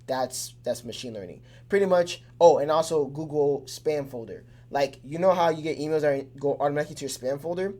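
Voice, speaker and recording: A man's voice: on the high side, a little fast, hardly any pauses, dark tone. A man giving a casual, conversational lesson that breaks the topic down with everyday examples. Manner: loose and conversational, with many fillers and restarts; keeps things simple with everyday examples. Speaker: teacher.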